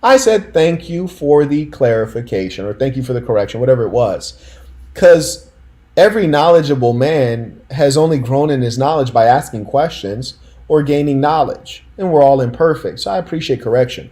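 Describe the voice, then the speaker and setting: A man's voice: mid-range voice, expressive, normal speed, darkish tone. A man hosting a casual commentary stream, telling stories in a slangy, emphatic way and talking straight to his audience.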